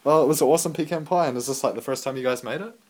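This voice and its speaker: A man's voice: medium pitch, racing. Joking New man with a head cold. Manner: jokey, teasing, laughs often. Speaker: host. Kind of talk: casual chatty interviews at a potluck. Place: indoor social gathering.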